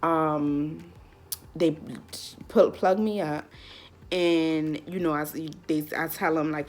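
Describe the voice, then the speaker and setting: A woman's voice: deep voice, measured pace, darkish tone. A young woman vlogger telling a personal story in a casual, candid way, full of "like". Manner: chatty, lots of "like", candid.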